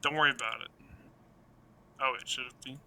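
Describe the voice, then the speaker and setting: A man playing a tabletop game, chatting in a relaxed, joking way. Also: medium pitch, a little fast. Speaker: player. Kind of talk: casual game chat.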